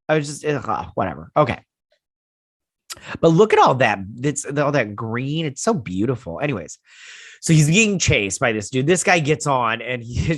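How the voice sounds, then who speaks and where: Animated man rambling through a show recap. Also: medium pitch, no echo, studio quality. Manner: rambling, animated retelling full of "he's like". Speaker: host. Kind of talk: casual episode recap and review.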